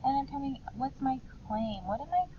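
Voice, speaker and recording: A woman's voice: high voice, animated, moderate pace, far from the mic. A woman teacher who reads an example aloud and then explains it step by step in a screen-recorded writing lesson. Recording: slightly dull, faint background noise.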